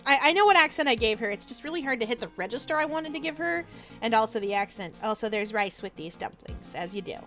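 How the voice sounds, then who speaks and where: Brief: woman VTuber chatting between bites, high bright voice, soft music underneath. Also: expressive, fast. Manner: chatty, eating while talking, many ums. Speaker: VTuber streamer. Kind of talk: casual gaming stream chat.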